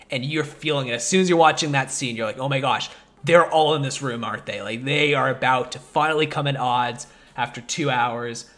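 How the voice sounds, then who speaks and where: A man hosting a casual movie podcast, rambling with lots of fillers and getting animated as he talks. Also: fairly high pitch. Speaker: podcast host.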